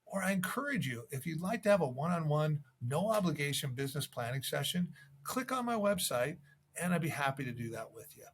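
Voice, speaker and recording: A man's voice: fairly high pitch, big pitch swings, brisk, slight background noise. A man coaching real estate agents in a casual, conversational way, acting out sample voicemails. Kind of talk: casual video tips to camera.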